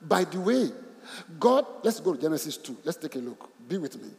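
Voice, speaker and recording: Man, pastor, sermon, high voice, lively pitch, repeats phrases, questions the congregation, long hall reverb. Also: a little fast. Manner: animated, repeats phrases, asks the congregation questions, laughs often.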